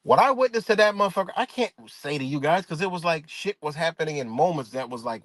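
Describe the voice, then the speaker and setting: A middle-aged man from Rochester, New York, talking in a casual, profane, rambling livestream monologue and telling an animated story. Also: on the high side, a little fast, no echo. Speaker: live stream host.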